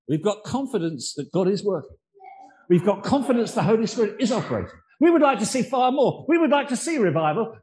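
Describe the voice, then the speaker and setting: Male preacher, high husky voice, earnest and confessional sermon delivery. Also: poor audio. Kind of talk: sermon with personal anecdotes.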